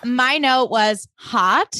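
A woman's voice: on the high side, extremely slow, no echo. Woman co-host, dry close sound. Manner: relaxed storytelling, acts out characters' lines. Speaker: podcast co-host. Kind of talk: casual recap chat.

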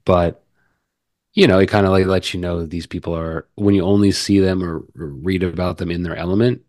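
A man co-hosting a podcast, talking casually about a book in halting, rambling sentences. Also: sits low, fairly even intonation, darkish tone, dry recording, clean studio sound. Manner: rambling, halting, many restarts. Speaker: podcast co-host. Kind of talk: casual book review chat.

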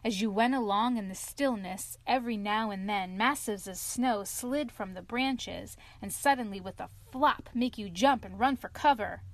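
A woman's voice: medium pitch, lightly acted. Woman playing a hearty cheerful otter. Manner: hearty, brisk, cheerful telling. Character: cheerful hearty male otter, bold and lively. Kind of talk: storybook reading.

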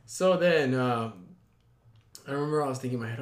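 A young man telling a story in casual chat, animated, swearing freely and acting out the people in it. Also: medium pitch, fast, reverberant. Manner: animated storyteller, swears a lot, acts out quoted voices.

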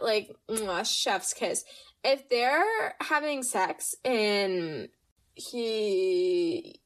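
A woman's voice: on the high side, a bit bright. A woman hosting a storytime podcast, chatting casually and dramatically, laughing often. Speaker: podcast host.

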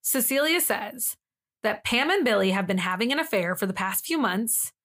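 A woman's voice: a little high, expressive, normal speed, a bit bright. A young woman co-hosting a true-crime podcast, telling the story casually with sarcastic asides and acting out what people said. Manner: sarcastic, acts out quotes in different voices. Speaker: podcast co-host.

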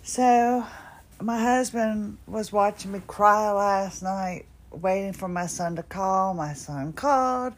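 Speaking slowly in a medium-pitched voice, this middle-aged podcast host rambles casually through a personal account of her day. She comes across as weary and somewhat drowsy, punctuating her talk with little laughs at her own expense.

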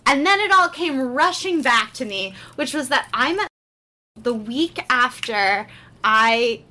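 A young adult woman hosting a podcast, telling stories in animated casual chat with frequent swearing. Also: high-pitched. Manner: animated, swearing, quick asides. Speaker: podcast host.

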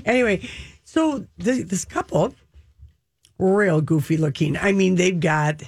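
A middle-aged woman telling a lively story in casual chat, her pitch leaping up for emphasis. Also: a little slow, creaky, husky, no echo, studio quality. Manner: animated storyteller, exaggerated pitch jumps.

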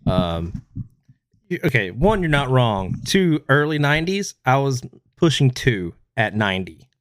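Laughing, lively-voiced man in his thirties. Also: medium pitch, unhurried, dry recording, clean studio sound. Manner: laughs often, tells stories. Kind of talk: casual chat.

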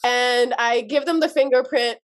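A woman guest on a podcast telling a personal story in an animated, expressive way, swearing casually and slipping into Persian for quotes. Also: a little high, normal speed. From United States.

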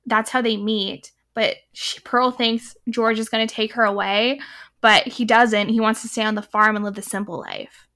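A woman's voice: fairly high pitch, fairly even intonation, moderate pace, fairly bright tone. A woman in her twenties chatting casually about a film, frank and full of fillers. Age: 20s. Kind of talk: casual film-review chat.

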